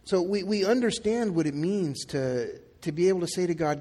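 Husky man preaching in a reverberant hall. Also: high-pitched, lively intonation, moderate pace, hardly any pauses, mellow. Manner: conversational, acts out quotes in dialogue. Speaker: pastor. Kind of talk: sermon.

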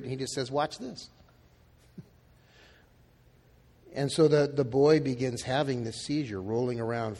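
A male pastor preaches a sermon casually and conversationally, acting out quoted lines as dialogue. His mid-range voice has a darkish tone. A long reverb tail trails his words.

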